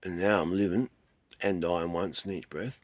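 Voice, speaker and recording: An Australian man talking in an earnest, rambling way, trailing off quietly and then swelling suddenly. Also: low-pitched, steady tone, normal speed, no echo. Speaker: host. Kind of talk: rambling spoken talk.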